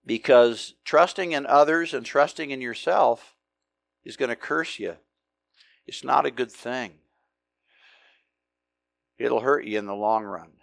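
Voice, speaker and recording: A middle-aged pastor from the United States preaching a conversational, emphatic sermon full of rhetorical questions. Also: male voice, medium pitch, measured pace, gravelly, long pauses, no echo.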